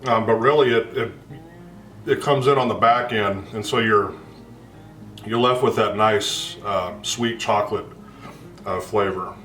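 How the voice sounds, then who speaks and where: A man's voice: lowish voice, a bit bright. Man tasting and describing food, roomy sound. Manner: slow, thoughtful, describing flavors. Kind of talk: casual food-tasting chat. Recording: roomy, mic at a distance, faint music.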